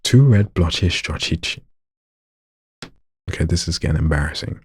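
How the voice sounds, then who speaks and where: A man's voice: low voice, expressive, unhurried, slightly rough. A man reading a story aloud, stumbling over lines, retaking them and joking with himself. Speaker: story narrator.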